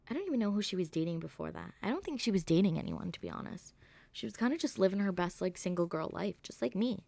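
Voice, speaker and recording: A woman's voice: mid-range voice, gravelly, no echo. A young woman hosting a solo gossip podcast, rambling and sarcastic with constant swearing. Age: young adult. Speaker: podcast host.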